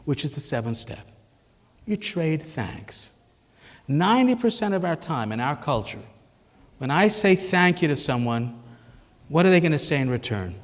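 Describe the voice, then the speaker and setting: A middle-aged man gives a lecture to a live audience in a large hall, and his voice carries a long reverb. He speaks in a somewhat high register with a lively, swooping melody. He is engaging and animated, and he acts out the thoughts he quotes. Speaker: psychiatrist giving an expo lecture.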